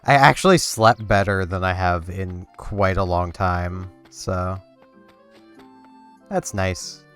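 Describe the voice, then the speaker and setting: Low, smooth-voiced man rambling over gameplay. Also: steady tone, slow, a bit bright, soft background music. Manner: rambling, talks to himself and the game. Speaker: gameplay commentator. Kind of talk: casual let's-play commentary.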